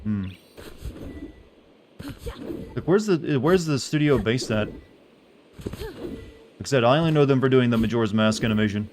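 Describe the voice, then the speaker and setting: A young man chats casually while streaming a game, joking and rambling to his viewers. His voice sits at an ordinary middle pitch with easy, conversational delivery. Faint background ambience is heard under him. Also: expressive, moderate pace, long pauses, a little mellow, a little hiss or hum.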